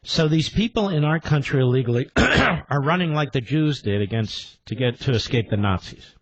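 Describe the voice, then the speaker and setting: A man's voice: medium pitch, animated, moderate pace, highs cut off. A man hosting a combative political talk radio show, indignant and emphatic, firing rhetorical questions and repeating his points.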